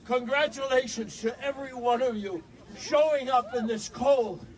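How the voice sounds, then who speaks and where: A man's voice: extremely high pitch, moderate pace, rough recording. A man addressing a street protest outdoors in the cold, urging people to keep speaking out. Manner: encouraging, then chanting. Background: crowd chanting.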